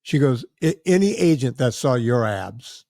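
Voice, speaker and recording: A middle-aged man hosting a podcast, telling a lively story and acting out the other people's lines. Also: mid-range voice, normal speed, gravelly, dry recording, studio quality. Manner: animated storyteller acting out quoted voices. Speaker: podcast host. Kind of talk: casual storytelling chat.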